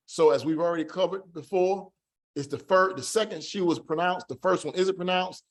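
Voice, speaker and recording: A man teaching a Hebrew class online, patiently repeating words slowly to drill their pronunciation. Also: a little high, very animated.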